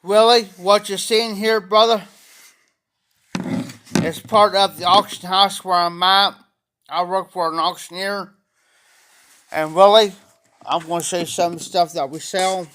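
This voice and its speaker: Slow-talking man, bright and clear. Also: high-pitched, steady tone. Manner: slow, rambling, greeting chat viewers by name. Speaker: pipe-smoking livestream host. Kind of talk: casual livestream chat to viewers. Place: auction house, former bar room.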